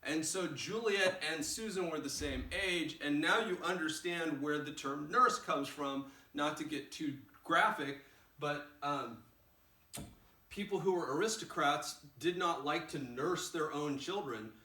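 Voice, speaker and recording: A man teaching a play in a casual, animated way, recorded in a roomy space with the mic far off. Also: fairly high pitch, a little slow. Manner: casual and animated, acts out lines. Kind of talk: explaining a play scene.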